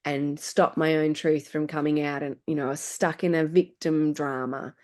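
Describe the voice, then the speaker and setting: A woman's voice: low-pitched, flat delivery, moderate pace, a little mellow. A woman, a guest telling her story in a casual, earnest and emotional way, often restarting her sentences. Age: 40s. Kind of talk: casual chat.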